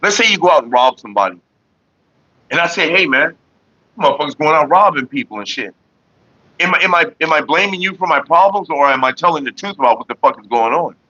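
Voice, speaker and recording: A man's voice: fairly high pitch, animated, fast, sharp tone, dry recording, highs cut off. A man hosting a casual livestream, talking bluntly and profanely straight to his viewers. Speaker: livestream host.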